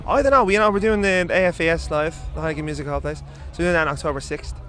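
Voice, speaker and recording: An Irish man talking very fast, his voice sitting a little on the high side. He is wired from a show that has just ended. He is cheeky, swears freely and laughs a lot, and he is being interviewed out of doors at a festival. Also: fairly bright tone, faint music behind. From Ireland. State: buzzing after a gig. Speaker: musician guest. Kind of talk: casual interview chat. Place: outdoors at a festival.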